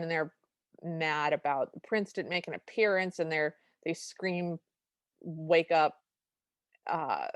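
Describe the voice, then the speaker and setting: A woman with a lower voice recaps a film for a podcast in relaxed chat. She speaks close to the mic in a dry, dead room, acting out the characters' lines as she goes. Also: dry recording. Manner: animated retelling with quoted lines. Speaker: podcast co-host.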